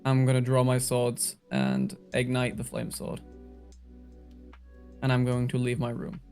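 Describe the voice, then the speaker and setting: A man plays a tabletop game, announcing his moves in a blunt, eager way and swearing casually. His voice sits in a middle pitch. Faint music runs in the background. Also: sing-song, unhurried, a little mellow. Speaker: player.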